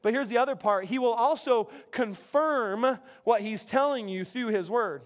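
Male pastor, middle-aged, high voice, casual animated sermon delivery. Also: moderate pace. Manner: conversational, animated, self-interrupting preacher.

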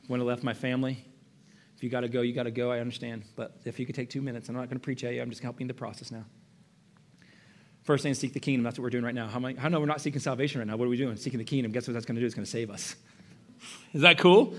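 Middle-aged male preacher, passionate sermon delivery with sudden hushed passages. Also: medium pitch. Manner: impassioned, swings from loud to hushed whispers. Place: church.

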